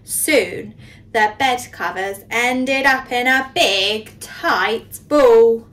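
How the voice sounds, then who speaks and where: A nursery teacher reading a storybook aloud to young children, expressive and pausing to ask questions. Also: female voice, fairly high pitch, distant mic, poor audio.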